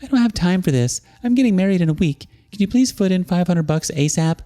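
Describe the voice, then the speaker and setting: An entitled young bride who snaps at people and waves off every complaint, as a man puts her on in a storytelling video. Her voice sits much higher than a plain speaking voice and swings around a lot, and there is soft music in the background. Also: sing-song, a little fast. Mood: dismissive. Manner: snappy, brushing things off.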